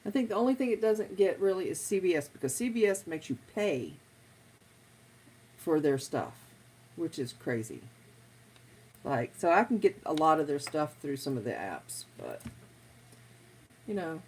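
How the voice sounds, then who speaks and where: A middle-aged woman chats casually on a live stream. She rambles easily from one topic to another in a lowish voice, with a faint hum of ambience behind her. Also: very animated, moderate pace, long pauses, a little mellow, low-quality recording. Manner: rambling, chatty, drifting between topics. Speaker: streamer chatting with viewers.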